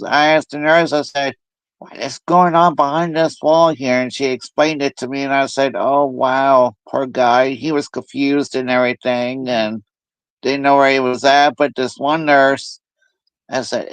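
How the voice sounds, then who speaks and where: A man chatting casually as host, telling stories in a lively way and mimicking other people's voices. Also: medium pitch, a little slow, smooth, no room sound. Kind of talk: casual chat.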